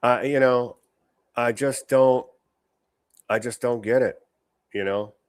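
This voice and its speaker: A man's voice: medium pitch, fairly even intonation, slow, clean tone, no room sound, studio quality. A man hosting a show, giving blunt, opinionated reaction commentary on clips, swearing often and restarting his sentences.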